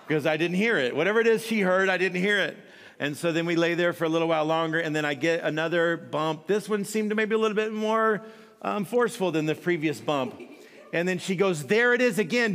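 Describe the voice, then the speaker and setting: Male guest pastor, high voice, humorous self-mocking storytelling, long hall reverb. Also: a bit bright. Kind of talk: storytelling sermon.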